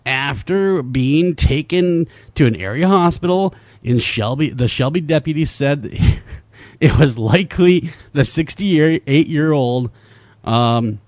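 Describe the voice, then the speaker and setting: A male talk show co-host with a lively, swinging voice that sits fairly high. He jokes around and reads news out loud in an animated way. The sound is close and dry. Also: slow pace, no echo. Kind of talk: casual radio-style chat.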